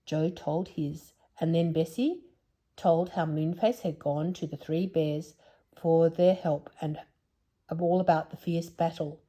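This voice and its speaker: Lady reading a kids' story, soft and low, mellow voice. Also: a little slow. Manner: gentle, hushed at tense moments. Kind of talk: reading a children's story aloud.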